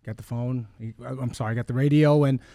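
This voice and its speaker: An earnest man in his forties tells a long personal story as a guest in a conversation. His voice sits at a middling pitch and sounds close and dry. He rambles and stops often to correct himself. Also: steady tone, fast, mellow, no room sound. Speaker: podcast guest.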